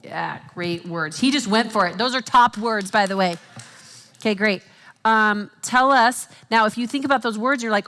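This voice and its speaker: A woman facilitating a live workshop in front of an audience, speaking in an animated coaching manner and acting out the inner questions people ask themselves. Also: mid-range voice, moderate pace, big-room sound. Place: event hall with audience.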